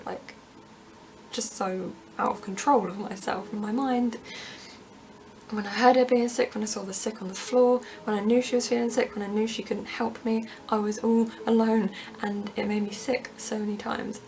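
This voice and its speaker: A young woman telling a personal story in a confessional vlog, candid and tumbling, with nervous little laughs and soft asides. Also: a little high, vocal fry, slight background noise. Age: young adult. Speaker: vlogger.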